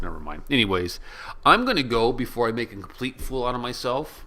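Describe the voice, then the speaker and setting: A man hosting a reaction video, rambling and joking in a casual way, now and then bursting into loud shouts. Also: mid-range voice, very animated, fairly quick. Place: small room with yellow walls.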